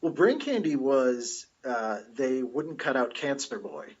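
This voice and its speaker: A husky man in his forties, a comedian guesting on a casual podcast, who explains things in detail. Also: medium pitch, very animated, takes it slowly, highs cut off. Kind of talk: casual chat.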